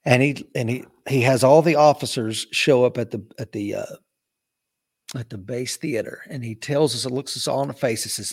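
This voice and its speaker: A man's voice: medium pitch, moderate pace, slightly rough. A man telling his own stories in an interview, bringing the people he quotes to life as he goes. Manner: animated storyteller acting out quoted voices. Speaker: interview guest, retired Marine officer. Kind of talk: casual storytelling interview.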